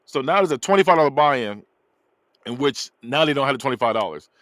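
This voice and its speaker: Man, podcast host, lively up-and-down voice, dry close sound, casual movie recap. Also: mid-range voice, fast talker, dry recording. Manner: animated storyteller, laughs often.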